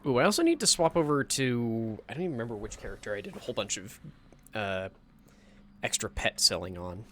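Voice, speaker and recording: A man's voice: medium pitch, sing-song, brisk, fairly bright tone, slight background noise. Chatty rambling male streamer. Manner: rambling, chatty, swears casually. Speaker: livestreamer. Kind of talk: casual gameplay livestream commentary.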